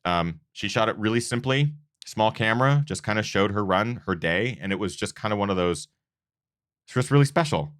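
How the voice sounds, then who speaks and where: A man's voice: lowish voice, expressive, a little fast, fairly bright tone, smooth, no room sound, clean studio sound. A man hosting a running channel's awards show, talking earnestly and rambling with restarts. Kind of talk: casual awards show chat.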